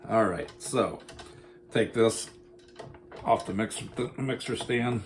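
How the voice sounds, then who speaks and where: A man's voice: medium pitch, a little slow, slight background noise. Folksy joking man in an echoey kitchen. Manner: folksy, joking, talks straight to viewers. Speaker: home cooking vlogger. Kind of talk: casual cooking demonstration. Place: home kitchen.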